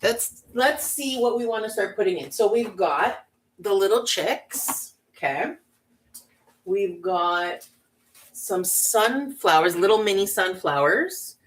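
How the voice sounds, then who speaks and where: A woman's voice: mid-range voice, lively intonation, takes it slowly, slight background noise. A woman giving a casual crafting tutorial, chatty and bubbly with giggly asides. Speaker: craft vlogger.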